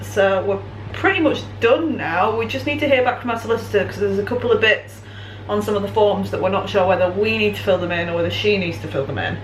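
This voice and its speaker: A young English woman filming a casual home vlog, chatting to the camera about her week with a self-mocking, giggly manner. Her voice sits at an ordinary pitch, and a faint hiss of noise runs under the recording. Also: fast, rough recording. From England. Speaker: vlogger.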